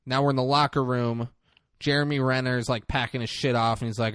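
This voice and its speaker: A man on a comedy podcast retells a movie scene by scene, jumping into the characters' lines as he goes. His voice sits in a middle pitch and sounds close and dry, with no room around it. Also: fairly quick, clear, resonant tone, no room sound. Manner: animated retelling, acting out lines with profanity. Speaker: podcast co-host. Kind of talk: casual movie recap chat.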